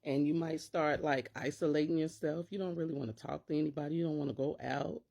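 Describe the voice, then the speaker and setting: A woman's voice: sits low, fairly even intonation, fast, gravelly, warm tone. A middle-aged woman, a teacher and parent, talking casually to camera and acting out worried inner voices in quotes.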